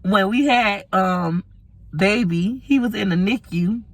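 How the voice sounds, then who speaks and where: A woman in her thirties vlogging, candidly telling a personal story to camera, tearful, with long pauses. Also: mid-range voice, no room sound. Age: 30s.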